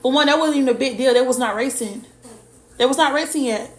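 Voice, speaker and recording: A woman's voice: high voice, fast. A woman vlogger and parent heatedly retelling a school incident to her viewers in a casual storytime. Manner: heated, indignant retelling with lots of direct address. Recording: echoey room.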